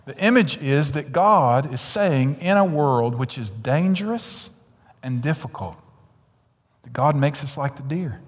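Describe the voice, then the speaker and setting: A male pastor preaching a sermon, swinging between loud emphatic declarations and hushed, near-whispered asides. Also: mid-range voice, animated, measured pace. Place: church sanctuary. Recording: long hall reverb, church sanctuary.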